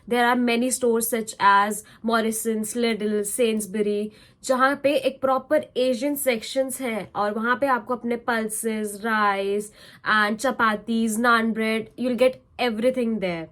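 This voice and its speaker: A woman's voice: a little high, steady tone, quick pace, fairly bright tone. A young woman with an Indian English accent gives chatty, step-by-step advice to students in a casual vlog, now and then switching into Hindi. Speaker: vlogger, international student.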